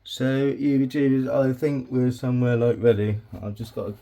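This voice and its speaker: A man's voice: mid-range voice, little pitch movement, moderate pace, dark tone. Swearing, rambling man at his crafts. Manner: rambling, swears freely, mutters asides under his breath. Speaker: crafting hobby vlogger. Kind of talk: casual crafting tutorial.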